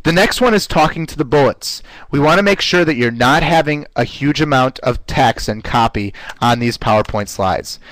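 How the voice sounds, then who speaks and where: A man teaching a live online class in an upbeat, conversational way, often pausing with "uh" fillers. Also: fairly bright tone, dry recording, rough recording. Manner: playfully shifts pitch to demonstrate voice technique. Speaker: webinar presenter.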